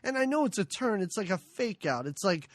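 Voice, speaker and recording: A woman hosting a podcast, retelling movie scenes in an animated way and giggling often. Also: medium pitch, a little fast, noisy background. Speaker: podcast host. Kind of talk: casual movie review chat.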